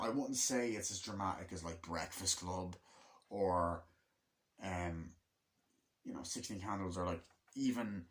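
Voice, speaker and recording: A young man giving a casual spoken film review, rambling, swearing often and acting out scenes in quick quoted voices. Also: lowish voice, a bit bright. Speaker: movie reviewer.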